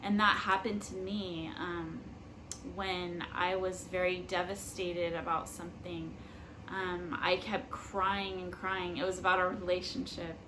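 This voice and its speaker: A woman's voice: on the low side, flat delivery, measured pace, background noise. A young woman giving casual spiritual life advice in an earnest, rambling way, full of fillers. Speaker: spiritual vlogger. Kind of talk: casual personal advice talk.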